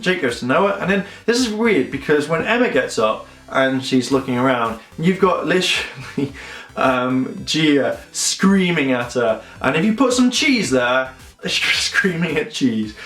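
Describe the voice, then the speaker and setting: A man's voice: fairly high pitch, big pitch swings, moderate pace, fairly bright tone, faint music behind. A man giving a casual, rambling episode review, correcting himself often and acting out characters' lines. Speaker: show reviewer. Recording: echoey room.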